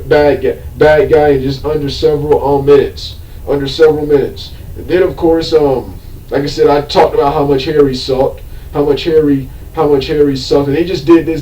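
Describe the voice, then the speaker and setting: A fairly high-pitched man with a mellow tone rants through a movie review, repeating himself, trailing off and filling gaps with ums. He bursts into fed-up outbursts now and then. His voice sounds set back from the mic in a roomy, echoing space. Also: recorded from a distance. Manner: rambling and repetitive, loses his train of thought, many filler ums; exasperated outbursts. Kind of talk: unscripted movie review rant.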